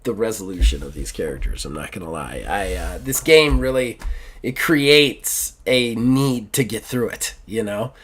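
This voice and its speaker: A man's voice: on the low side, lively intonation, moderate pace, slightly rough. Chatty male game master. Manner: rambling, enthusiastic, filler-heavy. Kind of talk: narrating a tabletop game.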